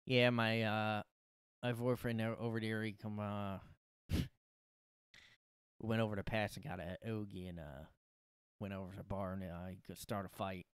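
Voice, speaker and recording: A man putting on a crude young woman with a Philadelphia accent, bragging in a drawling, halting way. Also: fairly low pitch, level tone, clear, resonant tone, no room sound, natural voice. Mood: mocking.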